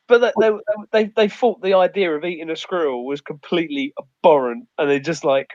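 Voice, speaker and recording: Man, rambling and sweary storyteller, high-ish voice, muffled dry recording. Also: moderate pace, darkish tone, no room sound. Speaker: outdoors guest. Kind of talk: casual chat.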